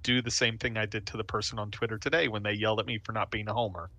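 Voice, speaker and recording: A man chatting as a soccer podcast panelist, talking in halting restarts with dry sarcasm. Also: on the low side, steady tone, pushed and bright. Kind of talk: casual sports chat.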